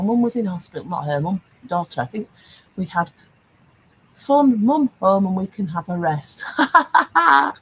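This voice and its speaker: A woman's voice: mid-range voice, fairly bright tone, husky, rough recording. An older woman hosting a casual live stream, chatty and laughing often as she reads out viewer comments. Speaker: live stream host selling craft supplies.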